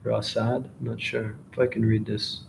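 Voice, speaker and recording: A man with a low, creaky voice runs live Q&A office hours for an online English class, reading questions aloud and answering them at a normal speed. His manner is relaxed and encouraging, and the room sounds echoey with a faint hiss behind him.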